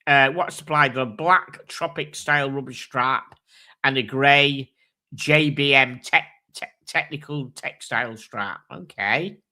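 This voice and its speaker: A man hosts a casual livestream chat in a medium-pitched, pushed and bright voice at a measured pace. He thinks aloud and swears casually while reading out watch specs and prices.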